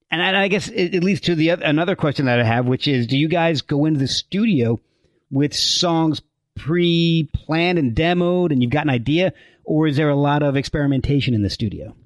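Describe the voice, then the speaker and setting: Host guy asking long curious questions, slightly high voice, dry sound. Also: normal speed, dry recording. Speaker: podcast host. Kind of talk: casual interview.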